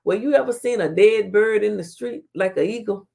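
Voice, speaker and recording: A woman hosts a casual live-stream talk show with a gravelly edge in her voice. She reads viewer comments, ribs rival fans and sprinkles in "child" and "honey". Her pitch sits in a middle range. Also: normal speed, darkish tone. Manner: playful trash-talking, laughing, Southern slang like "child" and "honey".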